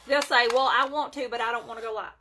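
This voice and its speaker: Woman in her thirties, bright and a little high, folksy live-stream seller. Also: fairly even intonation, fast. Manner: chatty, folksy, reads out viewer comments. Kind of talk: casual live-stream chat.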